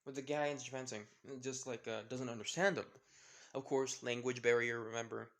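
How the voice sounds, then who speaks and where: A man's voice: mid-range voice, steady tone, a little fast, a bit bright. A man telling an improvised fan-fiction story, rambling with fillers and restarts.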